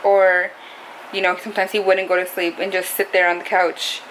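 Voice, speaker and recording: A woman's voice: fairly low pitch, flat delivery, normal speed, fairly bright tone, a little hiss or hum, rough recording. A young adult woman talking to camera in a casual, confessional vlog, rambling and saying "like" a lot. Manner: rambling, heavy use of "like". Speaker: vlogger.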